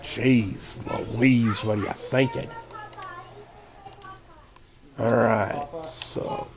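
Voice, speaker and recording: A middle-aged man streaming a video game, rambling casually and thinking out loud as he plays. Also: medium pitch, extremely slow, pauses often. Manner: rambling, relaxed, thinking aloud with fillers. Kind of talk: casual gameplay chatter.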